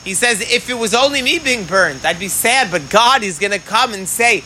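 A man's voice: high-pitched, expressive, moderate pace, hardly any pauses, pushed and bright, a little hiss or hum, poor audio. A man teaching a Talmud class outdoors in the rain. He talks with animation, asks rhetorical questions and mixes in Hebrew and Aramaic phrases. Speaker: Torah teacher.

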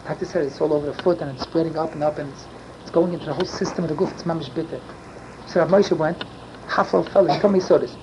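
A man's voice: on the high side, fast talker. Older man telling stories with emphatic energy. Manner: yelling and emphatic; mixes in Yiddish and Hebrew words. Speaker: storyteller. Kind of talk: animated storytelling. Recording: dull lo-fi recording with loud background noise.

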